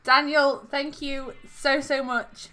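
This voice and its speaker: A woman's voice: high-pitched, little pitch movement, takes it slowly, bright, forceful tone, soft background music. A woman hosting a live stream, chatting with viewers, laughing often and gushing with overwhelmed thanks. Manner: giggly and effusive, laughing often. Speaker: livestream host.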